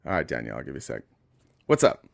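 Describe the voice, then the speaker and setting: A man's voice: extremely low pitch, wildly swooping pitch, racing, creaky, dry recording. Blunt man hosting a live stream. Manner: blunt, talks to callers directly. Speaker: livestream host. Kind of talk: casual live stream chat.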